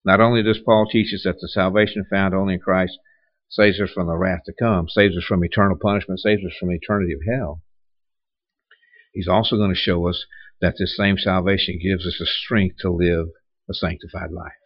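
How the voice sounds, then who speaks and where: A man's voice: sits low, steady tone, a little fast, no room sound, lo-fi sound. A man preaching a sermon in a conversational way, with rhetorical questions and many restarts. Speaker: pastor.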